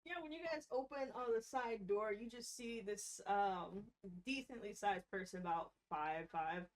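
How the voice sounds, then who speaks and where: A woman playing a tabletop game, casual and excited, laughing and swearing freely. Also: medium pitch, measured pace. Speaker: player.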